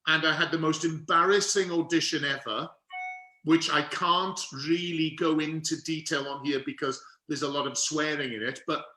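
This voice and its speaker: Bright, theatrical storytelling man. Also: fairly high pitch. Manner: lively, theatrical storyteller with quick asides. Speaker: guest actor. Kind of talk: anecdotal interview storytelling. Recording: roomy echo.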